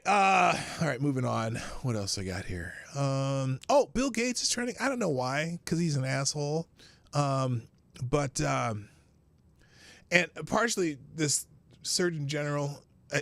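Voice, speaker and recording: A man hosting a political livestream, crude and rambling, now and then breaking into shouted outbursts. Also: on the high side, expressive, measured pace, vocal fry, dry recording. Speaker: livestream host. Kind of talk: profane political commentary.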